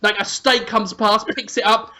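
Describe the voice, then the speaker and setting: A man co-hosting a comedy podcast, telling an absurd, crude story in an animated way. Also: high voice, moderate pace, very noisy. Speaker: podcast co-host.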